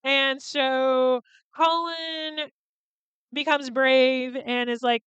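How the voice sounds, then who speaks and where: A woman's voice: sits high, fairly even intonation, drawn-out words, fairly bright tone, clean tone, no echo, muffled recording. A woman in her thirties hosting a podcast, chatting casually and profanely as she recaps a movie and acts out its lines. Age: 30s. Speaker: podcast host.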